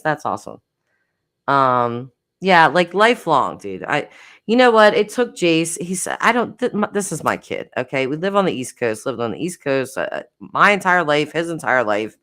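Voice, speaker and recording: A middle-aged woman chats on her live stream in a low voice that swoops up and down with lively expression. She giggles often, reads viewers' comments aloud and jokes about herself. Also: moderate pace. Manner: giggly, self-deprecating, chatty. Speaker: live stream host reading chat. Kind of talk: casual live stream chat.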